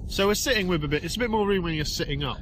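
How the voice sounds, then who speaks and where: Giggly bright-voiced man. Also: sits high, rapid-fire, a little hiss or hum. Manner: giggly, playful. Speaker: podcast co-host. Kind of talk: casual chat. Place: inside a small tent outdoors.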